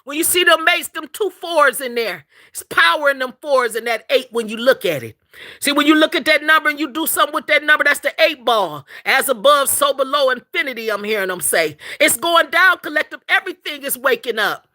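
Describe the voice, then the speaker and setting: A woman's voice: sits high, expressive, a little fast, sharp tone. A woman hosting a casual spiritual livestream, talking emphatically, repeating herself, laughing often and calling her listeners "collective".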